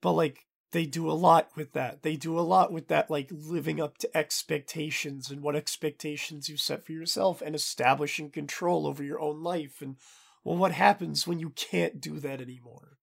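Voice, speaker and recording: A man co-hosting a casual podcast chat, relaxed and swearing casually as he explains things at length. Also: fairly high pitch, moderate pace, vocal fry. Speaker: podcast co-host.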